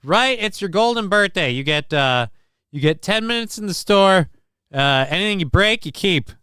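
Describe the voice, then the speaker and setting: A man's voice: high-pitched, expressive, normal speed, sharp tone, clean tone, dry recording, clean studio sound. A man from the American Midwest hosting a casual livestream, joking and rambling as he comments on the news. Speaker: host.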